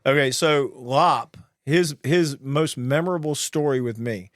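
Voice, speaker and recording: A man's voice: medium pitch, measured pace, dry recording, clean studio sound. A man co-hosting a podcast, telling bawdy work stories with lots of laughter. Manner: animated anecdotes, frequent laughter, bawdy humor. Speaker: podcast co-host, flight attendant. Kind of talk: casual storytelling chat.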